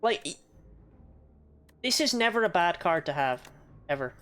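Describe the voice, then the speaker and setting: A woman's voice: on the low side, very animated, normal speed, fairly bright tone. A young woman casually commenting on a video game she is playing, chatty, swearing freely and laughing often. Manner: reads game text aloud.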